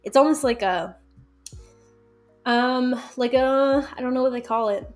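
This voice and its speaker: Chatty, animated woman guest. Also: high voice, measured pace, faint music behind. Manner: animated, chatty, laughs often, many fillers. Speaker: guest, folk magic practitioner. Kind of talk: casual interview chat.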